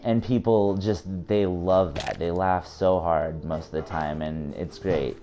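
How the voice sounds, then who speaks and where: A man's voice: a bass voice, fairly even intonation, measured pace, warm tone, slight background noise. A man in his twenties from the United States, a live streamer chatting casually, laughing often and restarting his sentences. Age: 20s.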